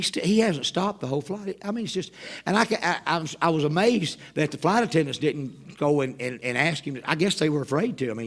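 A man preaching at a revival, telling a story in an animated way with wry, self-mocking humor. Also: on the high side. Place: church sanctuary.

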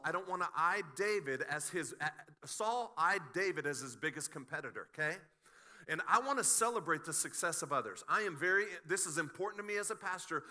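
Middle-aged male pastor, very bright voice, lively sermon with humorous asides. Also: high-pitched. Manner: animated, joking asides, frequent restarts. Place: church sanctuary.

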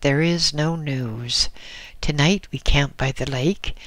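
A man voicing a huge, boisterous Tibetan trader who bellows and booms in a slow story reading. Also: a bit bright, no echo. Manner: bellowing, booming.

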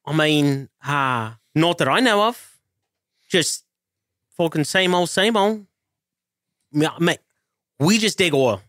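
A man voicing a blunt, unbothered male oil-rig foreman, who swears freely and gives deadpan one-word answers. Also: a little high, slow pace, pauses often, dry recording, studio quality.

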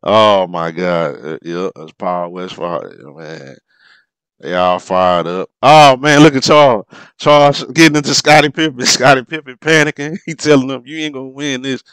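A man with a lowish, fairly bright, smooth voice speaks unhurriedly in a dry recording with no echo. He gives excited play-by-play over a replay of old basketball footage, casual and full of exclamations, laughing at the mistakes and dropping verb endings.

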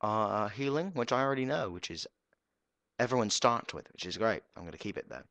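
A young man giving goofy, excitable commentary while streaming a game live. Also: on the low side, fairly quick, no echo.

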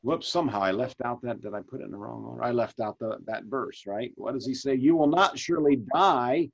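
A man in his fifties, a pastor, hosts a Bible study discussion on a video call, speaking fast in a mid-range, creaky voice. He keeps it conversational, asks questions and often begins sentences again, with dull lo-fi call audio.

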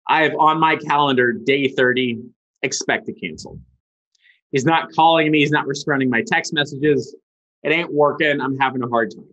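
A man being interviewed as a guest, telling a story with lively energy. He talks casually, swears freely and acts out the people in his story. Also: a little high. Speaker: guest, ad agency founder. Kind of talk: animated storytelling. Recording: dull lo-fi sound.

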